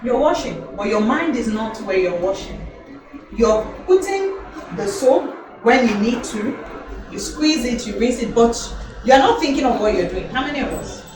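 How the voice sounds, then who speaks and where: A young woman leads a motivational speaking class, animated and quizzing her listeners. Her voice sits a little high. It comes from a way off the mic, in a strongly echoing hall. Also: normal speed, over music. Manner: animated, calls out questions for the audience to answer. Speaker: elocution and public speaking trainer. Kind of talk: motivational talk to a live audience. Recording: very echoey hall, voice from far off.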